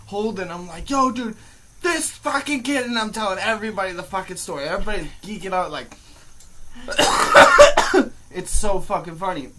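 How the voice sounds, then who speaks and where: A man's voice: a little high, a little hiss or hum, rough recording. A young man telling a rambling story in casual chat, swearing and saying "like" a lot. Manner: bursts into loud laughing shouts. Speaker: co-host.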